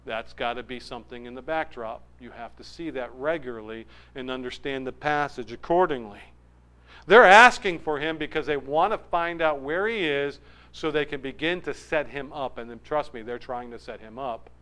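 Animated male preacher with a smooth voice. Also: moderate pace, rough recording. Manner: animated, swings from loud emphasis to low asides; acts out crowd voices. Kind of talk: verse-by-verse sermon.

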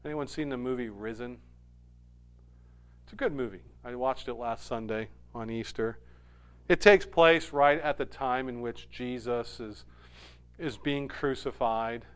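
A man preaching a sermon, animated, dropping to a hush and rising loud when he acts out quoted lines. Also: medium pitch, unhurried, smooth. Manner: animated, swings from hushed to loud when quoting. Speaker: pastor.

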